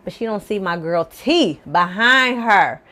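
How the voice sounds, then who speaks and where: A woman casually recapping a TV episode for viewers, telling the story in a lively, slangy and profane way. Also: medium pitch, a little slow. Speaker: film and TV reviewer.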